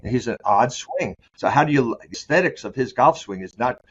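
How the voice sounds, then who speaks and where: A man being interviewed as a sport psychologist, talking candidly and loosely, often restarting his sentences and slowing down to stress key words. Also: mid-range voice, lively intonation, a little hiss or hum. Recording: dull lo-fi sound.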